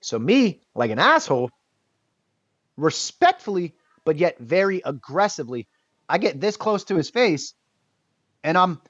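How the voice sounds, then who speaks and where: A man guest on an interview podcast, telling a personal story in a casual, lively way and acting out what others said. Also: fairly high pitch, measured pace, pauses often, dry recording. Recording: dull lo-fi dry sound.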